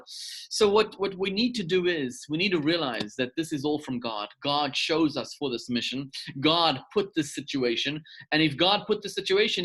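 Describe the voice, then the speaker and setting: A man's voice: on the high side, a bit bright, slightly rough. A middle-aged male rabbi giving a sermon over a video call, telling a story and repeating words for emphasis.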